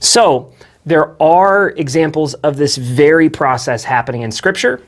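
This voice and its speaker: A man's voice: a little high, measured pace. A man, a lead pastor, hosting a casual faith podcast, teasing his co-host and explaining steadily. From United States.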